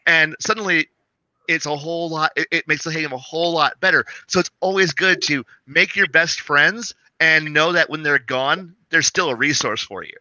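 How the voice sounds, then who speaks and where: Bright, animated man on a lo-fi mic. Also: on the high side, moderate pace, dry recording. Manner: animated, swearing, acts out quoted players. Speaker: game master, podcast co-host. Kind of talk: casual chat. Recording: dull, lo-fi and dry.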